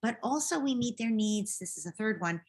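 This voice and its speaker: A woman who is a parenting coach, giving gentle, reassuring advice in a live group question session over a video call. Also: a little high, expressive, a little fast.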